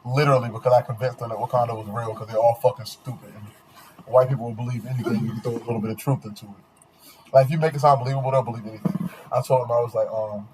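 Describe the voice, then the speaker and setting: Young man, podcast host, casual chat, mid-pitched voice, loose profane storytelling, faint background hiss. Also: steady tone, rapid-fire.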